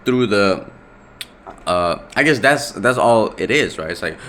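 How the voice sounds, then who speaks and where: Young male solo podcaster, very low voice, rambling and self-correcting, light hiss behind. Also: animated, measured pace, a bit bright. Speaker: podcast host. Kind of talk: casual solo podcast monologue.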